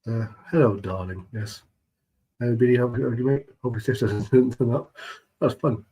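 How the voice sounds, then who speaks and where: A man hosting a relaxed live stream, chatting with viewers in a laid-back, friendly way. His voice has a husky, grainy texture at a middling pitch. He keeps his talk fairly hushed. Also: moderate pace, poor audio. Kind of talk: casual live-stream chat.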